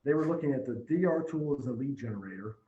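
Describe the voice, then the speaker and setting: A man, a dealership general manager, telling animated stories in a casual podcast chat over a remote call. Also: mid-range voice, quick pace, reverberant, dull audio, slight background noise. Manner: storytelling, energetic, with frequent restarts.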